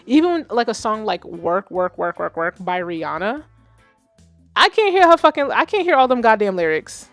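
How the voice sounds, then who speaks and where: A woman of Haitian background hosting a live music feedback stream, blunt and animated, swearing freely. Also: mid-range voice, moderate pace, no echo. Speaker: livestream host reviewing music. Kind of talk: casual livestream commentary.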